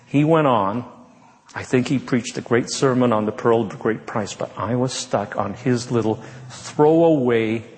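A man giving an animated, humorous storytelling talk, speaking conversationally to an audience. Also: medium pitch, a little slow. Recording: reverberant hall.

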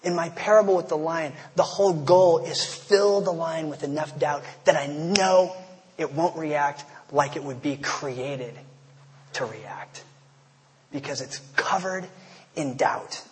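Male pastor, casual sermon delivery with slangy asides, light high voice, hall echo. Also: slow. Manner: conversational, storytelling, slangy asides. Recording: long hall reverb.

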